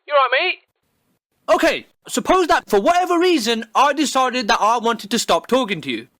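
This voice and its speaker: High-voiced sarcastic man. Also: sing-song, brisk, fairly bright tone, slight background noise. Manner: sarcastic and heavily profane. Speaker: comedy video creator. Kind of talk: comedic monologue. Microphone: phone.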